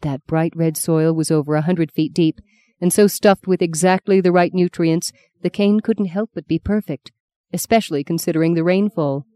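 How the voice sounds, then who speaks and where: Low, mellow female audiobook narrator. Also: dry recording. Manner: steady, measured reading. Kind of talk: scripted narration.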